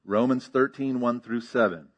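A man's voice: medium pitch, moderate pace. A man preaching a sermon as pastor, teaching emphatically with rhetorical questions and frequent checks of "okay?".

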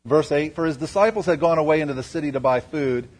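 A man's voice: on the high side, fast, a little mellow. A man preaching to a congregation, asking them questions in a conversational way. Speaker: pastor. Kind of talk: sermon. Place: church before a congregation.

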